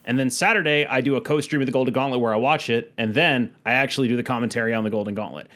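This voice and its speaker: A man's voice: mid-range voice, fairly even intonation, very fast, fairly bright tone. A man co-hosting a podcast in casual chat, rambling and joking, often breaking into laughter. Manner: jokey, rambling, laughs at bits. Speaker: podcast co-host.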